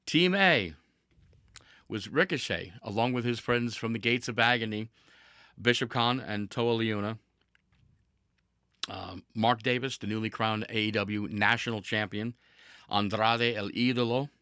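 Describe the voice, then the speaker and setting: A man's voice: on the low side, unhurried, pauses often, pushed and bright, smooth, no room sound, clean studio sound. A man hosting a casual podcast, telling a story with energy, with laughs and restarts along the way. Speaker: podcast host.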